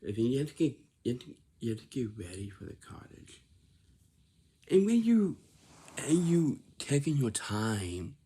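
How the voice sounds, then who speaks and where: A man's voice: mid-range voice, very animated, unhurried, dark tone, slightly rough. A man giving a repetitive, lecturing instructional talk, often checking in with "right?".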